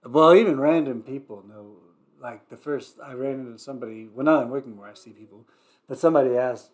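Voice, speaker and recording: A man hosts a livestream variety showcase in a mid-pitched voice. His talk is loose and digressive, full of wry side remarks and casual swearing, as if he is chatting straight to viewers. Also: a little fast. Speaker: livestream variety show host. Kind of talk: casual rambling livestream chat.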